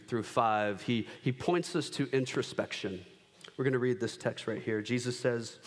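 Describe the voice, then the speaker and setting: A man in his thirties preaching a sermon, animated, acting out quick voices of kids and himself. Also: medium pitch. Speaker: pastor. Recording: long hall reverb.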